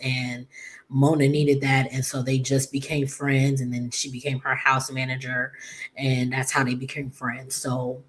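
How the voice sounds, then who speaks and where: A woman casually recapping a soap opera episode, chatty and loose, with many fillers and throat clears, getting animated when quoting characters. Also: very deep voice.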